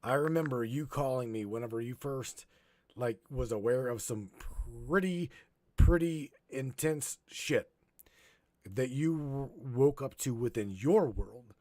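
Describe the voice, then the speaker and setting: A man hosting a live stream, rambling and swearing, halting and choked up as he talks. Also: mid-range voice, darkish tone, dry recording. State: choking up. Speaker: podcast host. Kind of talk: emotional live-stream monologue.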